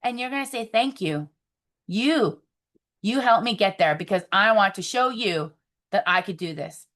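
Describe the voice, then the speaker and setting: A woman leading a motivational video call for her sales team, upbeat and coaching, breaking into excited affirmations. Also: mid-range voice, moderate pace. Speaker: team leader.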